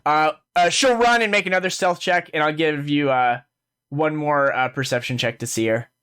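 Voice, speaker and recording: A man's voice: on the high side, normal speed, fairly bright tone, smooth. A man narrating as game master of a tabletop game, casual and full of fillers.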